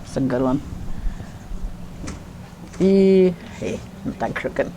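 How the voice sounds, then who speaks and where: A woman language teacher giving a classroom lesson, speaking slowly and deliberately and repeating words syllable by syllable. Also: low voice, mellow, a little hiss or hum.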